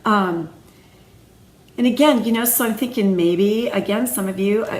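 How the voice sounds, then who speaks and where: A woman's voice: medium pitch, moderate pace. A woman hosting a faith-based video series, talking casually with many fillers and restarts. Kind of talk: casual spoken devotional talk. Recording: echoey room, faint ambience.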